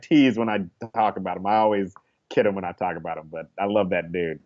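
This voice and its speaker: A man's voice: sits low, steady tone, a little fast, darkish tone, highs cut off. A man, a comedian guest on a talk show, talking in a loose, rambling, slangy way. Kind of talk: casual comedy interview.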